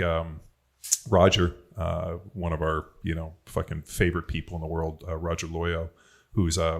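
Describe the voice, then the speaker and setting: A man on a podcast telling rambling, profane stories about football and strength. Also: sits low. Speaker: podcast host, former NFL player. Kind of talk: casual podcast chat.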